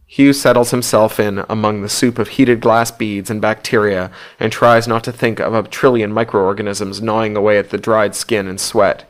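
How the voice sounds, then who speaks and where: A man narrating an audiobook in a steady, low-key storytelling voice. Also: moderate pace, hardly any pauses. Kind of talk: scripted narration.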